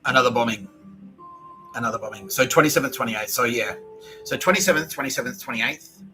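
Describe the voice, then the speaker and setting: Rambling, sharp-toned man. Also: medium pitch, brisk, soft background music, rough recording. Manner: profane, rambling, restarts sentences. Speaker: podcaster. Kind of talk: rambling solo podcast monologue.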